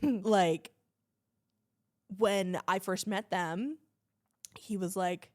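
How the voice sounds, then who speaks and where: A woman's voice: mid-range voice, extremely slow, a little mellow. A woman influencer from Canada, a podcast guest chatting casually, bubbly and laughing often as she tells stories. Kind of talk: casual chat.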